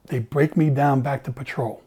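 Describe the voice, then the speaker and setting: Middle-aged man, former cop, swearing storyteller; mellow, raspy voice. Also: mid-range voice, normal speed. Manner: animated, acts out dialogue, swears freely. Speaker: former police officer telling his story. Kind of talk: casual storytelling in conversation.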